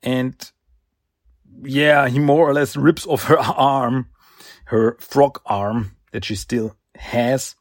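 A man casually retelling a comic issue, halting with fillers and restarts and chuckling often. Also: mid-range voice, fairly even intonation, dry recording, clean studio sound. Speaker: comic recap reviewer.

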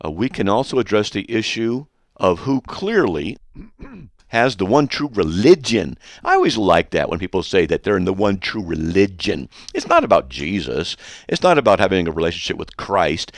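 A man hosting a radio show, reading a hostile letter aloud and mocking it with sarcastic, rambling, deadpan asides. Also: fairly low pitch, moderate pace, creaky, dry recording, studio quality.

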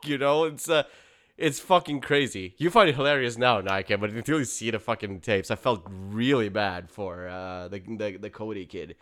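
Animated swearing young man ranting on a podcast. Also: fairly low pitch, normal speed. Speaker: podcast co-host. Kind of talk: casual podcast chat.

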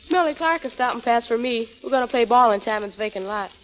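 A woman's voice: a little high, lively intonation, fast, fairly bright tone. An actress voicing an eager, chirpy young boy in a 1930s radio comedy. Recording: distant, dull old radio broadcast.

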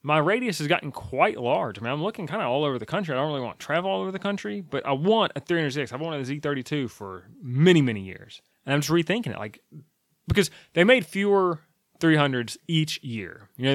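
A man's voice: medium pitch, a bit bright, dry recording, studio quality. A man rambling casually on his own, chatty and opinionated, with frequent fillers and asides.

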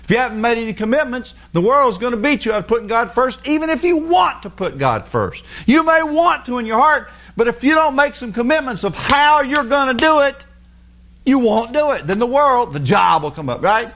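A man's voice: very high voice, expressive, brisk, fairly bright tone. A man preaching a casual, folksy sermon in plain everyday words. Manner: folksy, plain-spoken, mimics people with sing-song voices.

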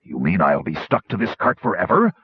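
A fretful gnome who whines and complains in a raised, plaintive voice , as a man voices him in an audiobook. The tone is slightly husky, on a dry recording. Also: sits low, wildly swooping pitch, brisk, no echo, dull audio, exaggerated voice. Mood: whiny. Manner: whining. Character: whiny male gnome craftsman, easily upset.

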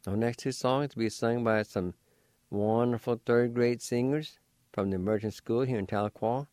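A man hosting a radio program, introducing the next songs in a plain, measured way. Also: mid-range voice, a little mellow, no echo, studio quality. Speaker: radio show host. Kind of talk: program announcement.

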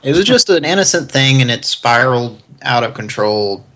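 Male comedy co-host; bright and irreverent. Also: medium pitch, sing-song, normal speed. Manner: joking, irreverent. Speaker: podcast co-host. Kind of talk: casual comedic banter.

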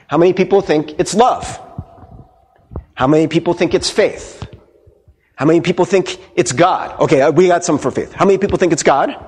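A man preaching a sermon as pastor, playful and animated, asking the congregation many questions. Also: fairly high pitch, husky.

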